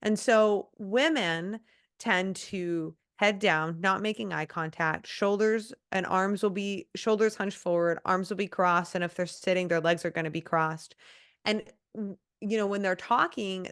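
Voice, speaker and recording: A woman's voice: medium pitch, measured pace, a bit bright, clean tone. A woman who used to be a police officer, talking bluntly and emphatically in a casual interview, now and then swearing. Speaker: guest, former police officer and coach.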